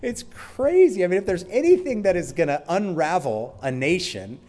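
A man preaching a sermon, emphatic, moving between loud declarations and quiet asides, with flashes of sarcasm. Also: on the high side, very animated, a little fast. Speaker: pastor.

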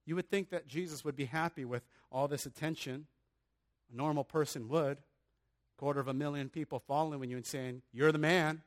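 A man's voice: fairly high pitch, fairly even intonation, brisk. A man preaching a sermon in an earnest, conversational way, often restarting his phrases and adding casual asides. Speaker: pastor.

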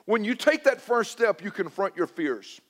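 A man's voice: high voice, sing-song, moderate pace. A middle-aged man preaching a sermon as a pastor, telling stories in a conversational, self-deprecating way and acting out his own past dialogue.

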